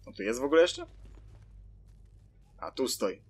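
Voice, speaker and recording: A man's voice: mid-range voice, huge pitch swings, normal speed. A man giving casual, chatty gameplay commentary, talking to himself with mild swearing. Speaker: let's play commentator.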